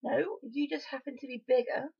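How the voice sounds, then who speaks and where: A woman's voice: high voice, fairly even intonation, normal speed, vocal fry, slightly rough, highs cut off. A young woman from Wales talking frankly and emphatically in a casual opinion vlog, often exasperated. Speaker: vlogger.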